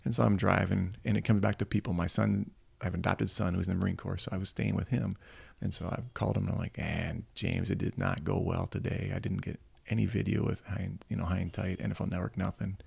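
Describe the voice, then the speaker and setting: A man's voice: deep voice, fast talker, vocal fry, breathy edge, no echo. A middle-aged man from Michigan, a football coach, telling stories in a casual interview and acting out the people he quotes. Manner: animated anecdotes, acting out quoted voices. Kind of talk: casual storytelling.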